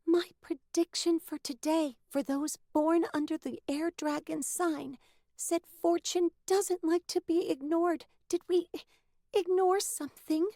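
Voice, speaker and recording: A woman's voice: very high voice, fairly even intonation, measured pace, warm tone, no echo, studio quality, pitched above the performer's own voice. A woman voicing a young, superstitious boy who talks in a fretful, earnest way in an audiobook. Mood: worried. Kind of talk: audiobook character voice.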